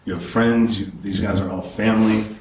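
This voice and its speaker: Low-voiced podcast host, echoey and off-mic. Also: male voice, steady tone, moderate pace, a little mellow, far from the mic, slight background noise. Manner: conversational, rambling questions, casual swearing. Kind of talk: casual interview.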